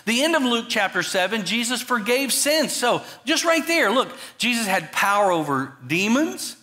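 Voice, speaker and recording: A preaching pastor, male and animated, moves back and forth from booming emphatic moments to soft, low remarks on the side.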